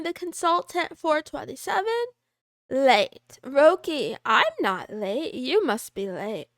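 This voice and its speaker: High-voiced woman chatting on stream. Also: very animated, slow, a bit bright, no room sound, clean studio sound. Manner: chatty, playful, greets viewers one by one; wry, self-mocking asides. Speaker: VTuber livestreamer. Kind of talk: casual livestream chat reading viewer messages.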